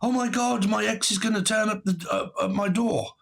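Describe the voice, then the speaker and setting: A man putting on the voice of a frantic, panicky woman who is obsessed with tarot readings, talking in a shrill, breathless way. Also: steady tone, normal speed, creaky, fairly bright tone, full character voice.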